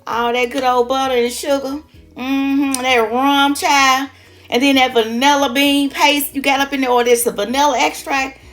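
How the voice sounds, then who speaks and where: A woman's voice: high-pitched, level tone, normal speed, fairly bright tone, faint music behind. An older woman hosting a cooking demonstration, exuberant and folksy, talking straight to her viewers. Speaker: cooking show host.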